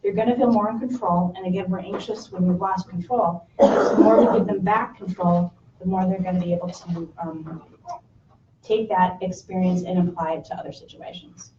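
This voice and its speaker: A middle-aged woman with a low-leaning, mellow voice leads a parenting workshop, speaking conversationally to a class of parents at a steady, moderate pace. She slips in brief acted quotes from parents and children. The recording is roomy, distant and muffled, with a little hiss or hum.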